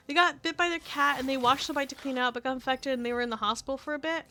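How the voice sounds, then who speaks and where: Chatty, excitable woman streamer, high voice, faint game music behind. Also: fast. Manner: chatty, excitable, laughs often. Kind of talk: casual chat while gaming.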